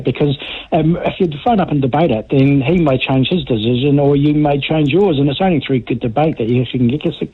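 Fast-talking male caller on phone. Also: fairly high pitch, slightly rough. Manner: earnest, hesitant with ums. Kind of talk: phone-in to talkback radio. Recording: tinny phone line.

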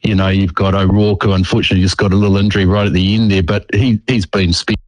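A man's voice: low-pitched, flat delivery, fast talker, dry recording, poor audio. A middle-aged man with a New Zealand accent, a former cricketer being interviewed, talking with many ums and restarts. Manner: hesitant, lots of ums and restarts.

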